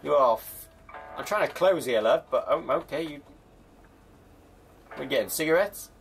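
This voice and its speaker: A man's voice: fairly high pitch, expressive, moderate pace, faint music behind. A young man commentating a game with jokes, chatting to customers in a mock shopkeeper voice. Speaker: gaming YouTuber. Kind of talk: comedic gameplay commentary.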